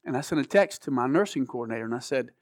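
A man's voice: mid-range voice, expressive, very fast, no echo, clean studio sound. A middle-aged man giving an earnest, emotional personal testimony as a guest, often restarting his sentences. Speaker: guest telling his story.

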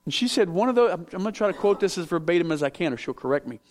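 A man's voice: high voice, lively intonation, very fast. A middle-aged man preaching a sermon, telling stories with self-mocking humor. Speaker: pastor.

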